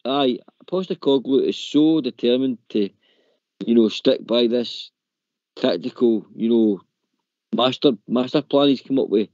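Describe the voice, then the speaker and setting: On a casual football phone-in show, the male host talks tactics with strong opinions, stumbling over his words, repeating himself, and dropping "mate" and "in my opinion." His medium-pitched voice is a little slow and darkish in tone. The lo-fi recording has no echo.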